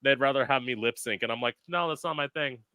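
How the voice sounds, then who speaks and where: A male podcast host chatting casually, telling animated stories and swearing freely. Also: medium pitch, fast, smooth, no echo. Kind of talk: casual chat.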